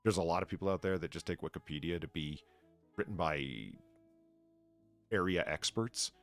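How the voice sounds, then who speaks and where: Faint music plays behind a man with a low voice speaking at a moderate pace as he hosts a stream. His talk is casual chat and reading aloud, delivered mockingly, with frequent laughter and rambling asides.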